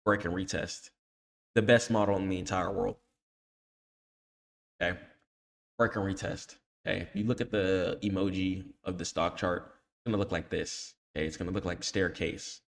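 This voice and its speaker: Man, gravelly, slangy trading tutor, keeps saying okay. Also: low voice, fairly even intonation, moderate pace. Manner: slangy, repeats "okay?" after nearly every point; scolds emphatically when warning against emotional trading. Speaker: trading educator. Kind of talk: screen-share chart tutorial.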